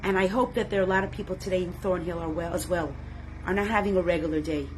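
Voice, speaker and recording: A woman teaching a religious class with deep feeling, who swings from loud exclamations to hushed tones and speaks directly to her listeners as her friends. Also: steady tone, fast talker, a little hiss or hum. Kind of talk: impassioned religious class talk.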